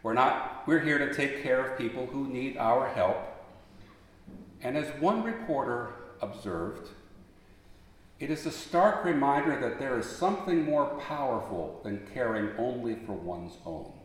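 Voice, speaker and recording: The sermon comes from an animated preacher who unspools stories at a relaxed pace in a big sanctuary. His delivery rises into forceful appeals before softening, while the hall throws back a long, booming echo.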